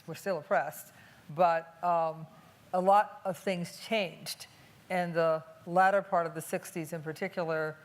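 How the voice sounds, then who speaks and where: An older woman from Cleveland speaking on a panel before an audience, thoughtful and unhurried, with many filler pauses. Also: fairly low pitch, fairly even intonation. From Cleveland, USA. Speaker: panelist and activist. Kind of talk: public panel talk. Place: museum talk before an audience.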